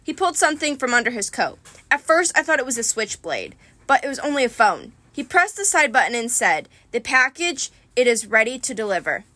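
A woman's voice: high-pitched, sing-song, brisk, sharp tone, no echo. Woman reading a novel aloud, dry sound. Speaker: reader. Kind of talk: audiobook reading of a first-person novel.

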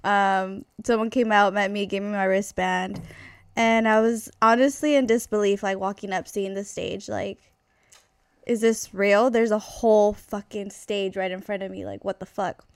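A woman's voice: mid-range voice, steady tone, moderate pace, smooth, dry recording. A woman hosting a podcast in casual chat, talking freely and swearing casually. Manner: chatty, laughs easily, swears casually. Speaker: podcast host.

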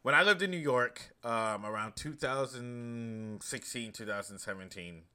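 A man in his thirties hosts a casual monologue, rambling through stories with animated asides. His voice is bright and sits at an ordinary pitch. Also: a little slow. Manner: chatty, storytelling, animated asides. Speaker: host.

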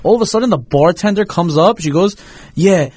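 A young man telling an animated, slangy story in casual chat. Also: sits high, slightly rough, no room sound. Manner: animated storyteller, slangy, rushes when excited.

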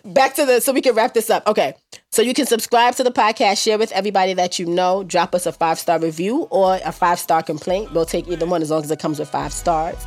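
A woman's voice: on the low side, fairly even intonation, fast talker, darkish tone, soft background music. New York woman co-host, young, a bit stuffy from a cold, laughs a lot, easy banter. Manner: laughing, chatty, playful. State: has a cold. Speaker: podcast co-host. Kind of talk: casual chat.

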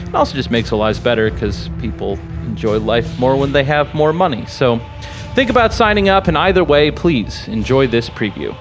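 Over music, a male podcast co-host tells a long, meandering story, dotted with fillers and chuckles, as part of a casual chat. His mid-range voice swings widely in pitch, and he talks at a moderate pace.

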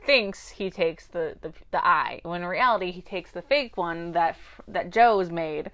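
A woman's voice: lowish voice, unhurried. A young woman co-hosting a podcast, chatting casually and acting out characters' lines as she recaps a TV show. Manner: animated, acts out characters' lines. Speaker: podcast co-host.

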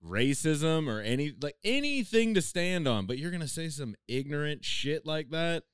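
A man's voice: a little high, very animated, normal speed, smooth, dry recording, studio quality. A man in casual, profane podcast banter, joking and doing mocking impressions.

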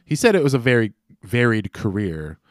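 Lively joking man on a podcast. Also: fairly low pitch, moderate pace, no room sound, clean studio sound. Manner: joking, laughs often, swearing. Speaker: podcast co-host. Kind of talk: casual chat.

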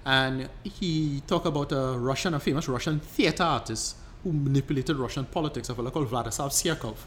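A man's voice: mid-range voice, fairly quick, fairly bright tone, slight background noise. A man co-hosting a podcast, explaining at length in casual chat, rambling and restarting his sentences. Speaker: podcast co-host.

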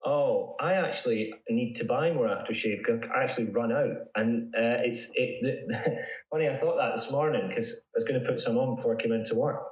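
A man's voice: medium pitch, brisk, reverberant, dull audio. A man speaking as a psychology researcher guest in a casual interview, chatty with frequent restarts. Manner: chatty, with many restarts and laughs.

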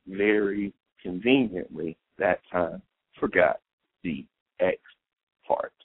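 Deep-voiced man telling a story, phone-line sound. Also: takes it slowly, slightly rough, no echo. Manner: rambling anecdotal, quotes both sides of dialogue. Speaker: podcast host. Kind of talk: storytelling monologue. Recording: tinny phone-like dry recording.

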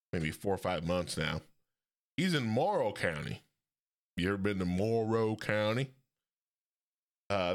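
A man's voice: fairly low pitch, a bit bright. A man from hosting a casual solo podcast, rambling and correcting himself, with frequent chuckles. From Ohio. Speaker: podcast host.

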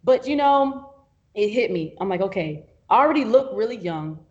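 A woman's voice: a little high, expressive, normal speed, a little mellow, muffled recording. A woman guest on a podcast, telling a work story in a casual chat, acting out quotes with laughs and fillers. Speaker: videographer guest.

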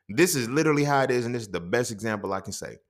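A young man hosting a casual podcast monologue, swearing freely and acting out quoted dialogue in his stories. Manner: profane, streetwise storytelling with quoted dialogue; animated, jumps up in pitch when quoting. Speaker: podcast host.

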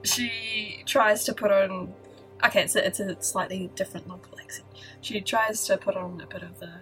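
A woman playing her character in a tabletop game, casual and quick to laugh. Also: medium pitch, fairly even intonation, a bit bright, faint music behind, rough recording. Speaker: player.

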